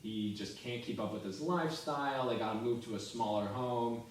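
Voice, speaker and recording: A man co-hosting a comedy podcast, pitching a sketch in loose storytelling and laughing often. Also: moderate pace, a little hiss or hum. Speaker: podcast co-host. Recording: echoey room, mic far off.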